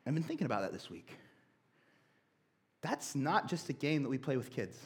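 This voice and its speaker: A young man preaching a sermon, telling a childhood story with animated, conversational energy. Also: mid-range voice, moderate pace. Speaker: pastor.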